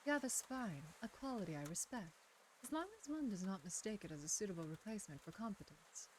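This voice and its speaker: A woman's voice: medium pitch, fast, slight background noise, close to an everyday voice. A woman voicing a poised, menacing female witch in a game, speaking formally with a put-on French accent. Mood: cool, formal. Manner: calm, formal, coolly polite. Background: game music.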